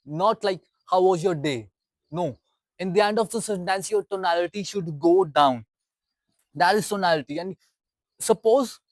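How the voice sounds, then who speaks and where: High-voiced Indian English man coaching. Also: no room sound, low-quality recording. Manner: instructive, repeats key points for emphasis. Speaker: dating coach. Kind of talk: advice talk to camera.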